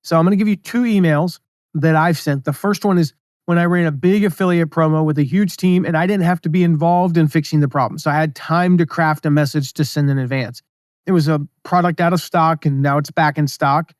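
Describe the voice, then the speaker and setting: A man hosting a solo business podcast, talking casually and reading his own emails aloud with quick asides. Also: a little high, fairly even intonation, dry recording, clean studio sound. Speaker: podcast host.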